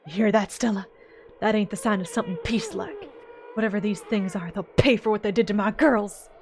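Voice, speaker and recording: Woman doing a gruff Southern farmer. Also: medium pitch, fairly quick, slight background noise, lightly acted. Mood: furious. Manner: gruff, protective, loud. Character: gruff protective older male farmer.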